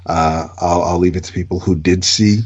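A low, husky-voiced man on a casual podcast, stumbling and restarting his sentences. The recording is dull and lo-fi. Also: fairly even intonation, moderate pace, darkish tone. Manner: hesitant, stammers and restarts. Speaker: podcast co-host. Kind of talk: casual chat.

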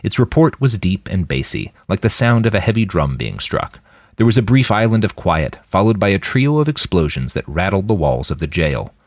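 A man narrating his own serialized fiction in an expressive storytelling manner, close to the mic. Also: deep voice, normal speed. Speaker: podcast fiction reader. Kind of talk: audiobook narration.

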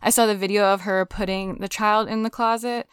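A woman's voice: medium pitch, steady tone, brisk, clean tone, no echo. Candid woman podcast co-host, dry sound. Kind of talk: true-crime podcast chat.

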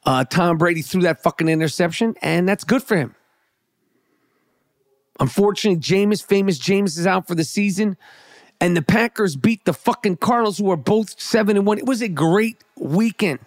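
Brash high-voiced man ranting. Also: normal speed, no echo, studio quality. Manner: brash, swearing, hyped, repetitive. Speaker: sports commentator. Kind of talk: profane fantasy football rant.

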